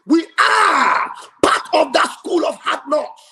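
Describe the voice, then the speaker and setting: High-pitched man shouting sermon-style. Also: sing-song, slow. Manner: shouting, preacher-like call and response. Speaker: livestream host. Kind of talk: fiery livestream speech. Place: home livestream studio.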